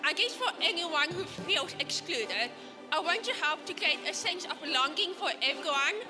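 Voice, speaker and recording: High-voiced woman answering onstage. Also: lively intonation. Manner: halting, rehearsed. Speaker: pageant winner. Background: music.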